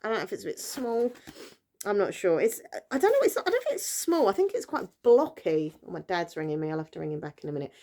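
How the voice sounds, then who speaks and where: A woman's voice: mid-range voice, big pitch swings, fast talker, warm tone. A British woman chatting casually on her vlog, rambling along with lots of fillers and self-corrections. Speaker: book vlogger. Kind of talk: casual chat.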